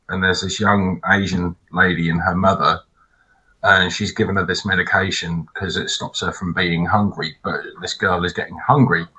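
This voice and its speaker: A man chatting casually as a podcast co-host, telling animated, sweary stories. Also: deep voice, rough recording. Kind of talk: casual chat.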